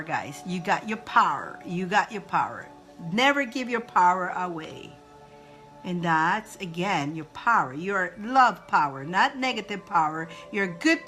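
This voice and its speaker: Animated, bright-voiced woman from Egypt. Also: medium pitch, unhurried, soft background music. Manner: playful, laughs often, animated roars and breathing cues. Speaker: spiritual advice host. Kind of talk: casual spiritual advice talk to viewers.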